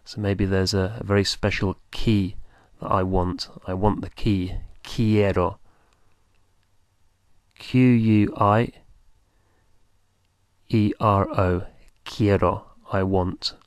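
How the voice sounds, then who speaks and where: Male tutor, unhurried drills and spelling, dry studio sound. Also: fairly low pitch, steady tone, smooth, no room sound. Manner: patient, repeats and spells words out. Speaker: language teacher. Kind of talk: beginner language lesson.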